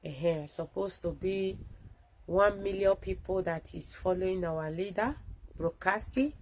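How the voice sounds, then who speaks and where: A woman's voice: lowish voice, a little slow, darkish tone, slight background noise, poor audio. Fervent Nigerian woman rallying viewers. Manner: fervent, rallying, mixing Pidgin and English. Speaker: activist broadcaster. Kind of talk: impassioned live video address. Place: indoors at a friend's home.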